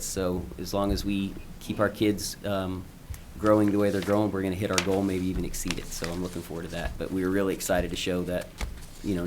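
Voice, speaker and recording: A man, a school principal, giving an informal, halting presentation at a school board meeting, with frequent ums and restarts. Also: low voice, noisy background.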